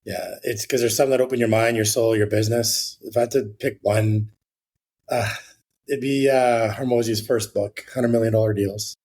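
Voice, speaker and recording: A man's voice: lowish voice, fairly even intonation, moderate pace, darkish tone. A man, a real estate agent guest on an interview podcast, telling a rambling anecdote in a casual way with the odd swear word.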